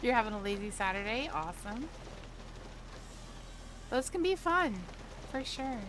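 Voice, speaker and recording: A woman's voice: fairly high pitch, lively intonation, measured pace, noisy background. A woman livestreamer chatting casually with viewers while gaming, telling stories and laughing often.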